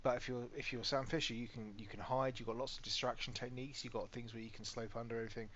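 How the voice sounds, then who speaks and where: A British man co-hosts a gaming podcast, chatting casually and telling stories animatedly while swearing freely. His medium-pitched, fairly bright voice has a flat delivery and quick pace, and the slightly muffled podcast audio has a little hiss or hum.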